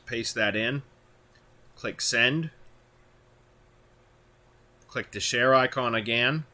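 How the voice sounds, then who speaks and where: Bright-voiced man giving software instructions. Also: medium pitch, extremely slow. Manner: plain step-by-step instructions with occasional fillers. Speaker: tutorial host. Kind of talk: screen-recorded software tutorial.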